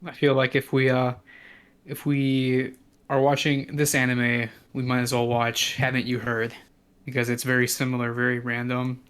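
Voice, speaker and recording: A man's voice: mid-range voice, completely flat delivery, normal speed, fairly bright tone, smooth. A man co-hosting a casual podcast, talking hesitantly with fillers. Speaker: podcast co-host. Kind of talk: casual chat.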